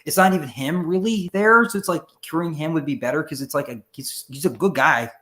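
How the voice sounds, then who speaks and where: Speaking a little fast in a fairly high pitch, this male podcast guest chats casually and wanders from point to point. His talk is profane and lively, and he slips into character voices as he goes.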